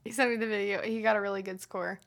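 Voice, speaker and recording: Bright-voiced playful woman co-host. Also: mid-range voice, fairly even intonation, fast talker, vocal fry. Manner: playful, riffing and often laughing. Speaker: podcast co-host. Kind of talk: casual comedic chat.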